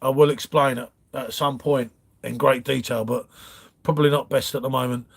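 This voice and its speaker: This livestream host has a mid-range, gravelly voice with a steady tone and moderate pace. Sitting in his front room, he rambles casually through viewer comments, calling everyone mate.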